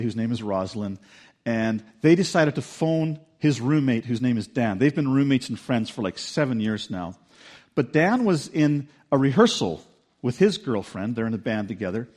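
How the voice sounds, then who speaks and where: A man giving a sermon, chatty and storytelling rather than formal. His voice sits at an ordinary middle pitch for a man. He often acts out what people said with lively shifts. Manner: conversational storytelling with lively acted-out quotes. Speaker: pastor.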